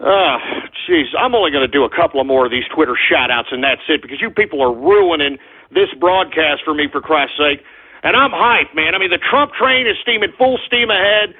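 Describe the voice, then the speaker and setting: A man's voice: on the high side, brisk, husky, narrow, tinny audio. A man hosting an internet radio show, ranting agitatedly and cursing at trolls. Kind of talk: live call-in style radio rant.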